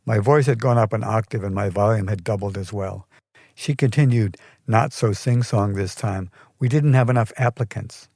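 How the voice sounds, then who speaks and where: A man narrating a scripted personal story in a measured, wry way. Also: on the low side, a little mellow, dry recording, clean studio sound. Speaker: storyteller podcast host.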